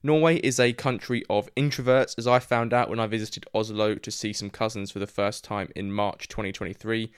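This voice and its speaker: A man's voice: on the low side, steady tone, a little fast, hardly any pauses, clean tone, no room sound, studio quality. A man hosting a music podcast, reading a scripted intro and then interviewing a guest in a friendly, chatty way. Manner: friendly, chatty, says "mate". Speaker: podcast host.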